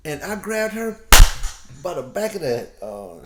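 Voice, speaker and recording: Middle-aged father, podcast co-host, animated storyteller, roomy sound. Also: high-pitched, measured pace, very noisy. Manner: animated, laughing storyteller acting out voices. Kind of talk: casual storytelling chat.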